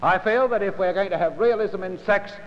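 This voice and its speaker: A man preaching a sermon in a measured, emphatic way, with dramatic pauses between phrases. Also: sits high. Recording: lo-fi recording in a large reverberant hall.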